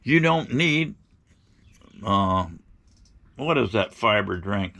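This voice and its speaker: Gravelly folksy man rambling. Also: on the low side, lively intonation, slow, pushed and bright, a little hiss or hum. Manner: rambling, folksy, blunt and opinionated. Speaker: outdoor vlogger. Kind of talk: rambling storytelling to viewers.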